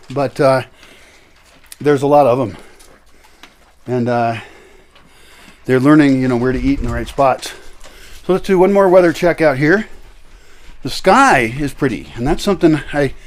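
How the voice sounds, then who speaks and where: A man in a casual home vlog, talking to his dogs, coaxing them and calling them loudly at times. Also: medium pitch. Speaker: vlogger.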